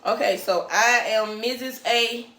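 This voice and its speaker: A woman's voice: fairly high pitch, a little slow, fairly bright tone, roomy sound. A woman in her thirties hosting a casual livestream from her living room, chatty and teasing, laughing often. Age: 30s. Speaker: livestream host.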